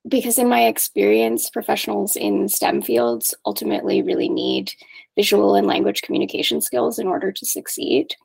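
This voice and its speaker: A woman answering interview questions as an environmentalist, artist and program coordinator, thoughtful and earnest, sometimes softly breathy. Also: medium pitch, lively intonation, moderate pace.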